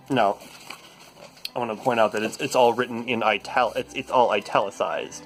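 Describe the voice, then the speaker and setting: Stammering, deadpan man mock-reading a novel. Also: medium pitch, normal speed, faint music behind. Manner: rambling, stammering, mock-serious. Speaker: comedy host.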